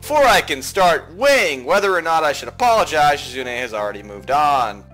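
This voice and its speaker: Lively man reading a visual novel aloud. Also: a little high, a little fast, faint music behind. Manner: lively, joking asides. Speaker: let's play narrator.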